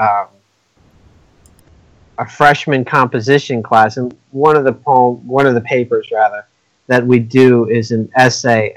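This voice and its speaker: A man's voice: medium pitch, a bit bright, low-quality recording. A man who teaches college writing, talking casually and thoughtfully on a podcast, often restarting his sentences. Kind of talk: casual discussion.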